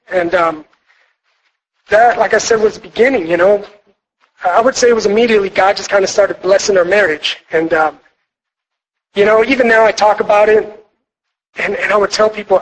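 A man's voice: high voice, normal speed, poor audio. A young man giving an earnest, rambling personal testimony to a church retreat audience, full of fillers and restarts. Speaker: speaker sharing his testimony at a marriage retreat.

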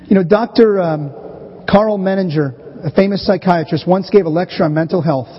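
High-voiced man preaching in a reverberant hall. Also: normal speed, husky. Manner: conversational, animated storytelling preacher. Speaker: pastor. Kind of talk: sermon. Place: church sanctuary. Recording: dull, hazy recording with long church reverb.

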